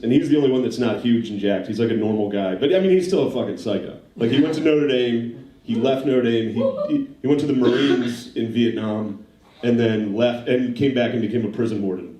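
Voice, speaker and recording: A man's voice: medium pitch, fairly quick. A man doing a profane stand-up routine on a comedy club stage, laughing at his own jokes. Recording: roomy stage mic, far off, loud audience.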